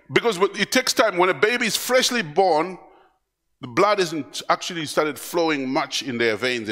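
A man preaching a live church sermon, animated, repeating words and acting out voices as he goes. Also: on the high side. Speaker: pastor. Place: church service.

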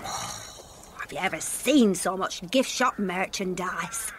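An actress playing a bossy, gleeful woman in a radio sitcom, speaking slowly. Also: lowish voice, noisy background.

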